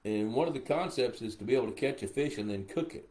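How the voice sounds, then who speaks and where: A man's voice: mid-range voice, lively intonation, fast talker, darkish tone. Older male host, drowsy and meandering, live Q&A tone. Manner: rambling, reads viewer questions aloud, easily sidetracked. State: sleepy. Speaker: pond management expert hosting a live Q&A. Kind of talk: casual live-stream Q&A.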